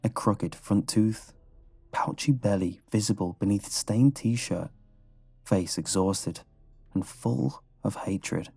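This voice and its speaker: A man giving scripted horror narration in a low, measured storytelling manner. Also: creaky, a little mellow, slightly rough, no echo. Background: faint background music.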